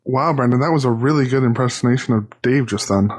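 A male co-host adds wry, joking remarks to a casual podcast chat. A steady hiss runs clearly under his voice. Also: mid-range voice, fast talker.

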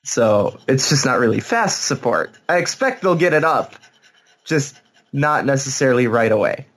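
A man's voice: mid-range voice, normal speed. A jet-lagged man co-hosting a podcast, telling rambling stories in casual chat. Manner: animated, rambling storytelling with laughs. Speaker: podcast co-host.

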